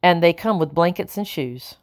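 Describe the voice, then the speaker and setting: A woman's voice: fairly low pitch, lively intonation, moderate pace, natural voice. A woman voicing a sly, businesslike male seller who talks smugly. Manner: smug, wheedling. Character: smug slave-seller, man, sly and businesslike.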